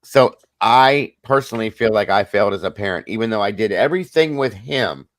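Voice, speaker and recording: A man's voice: lowish voice, lively intonation, a little fast, fairly bright tone, dry recording. A middle-aged man hosting a casual livestream chat, telling a personal story earnestly and talking straight to his viewers. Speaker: host.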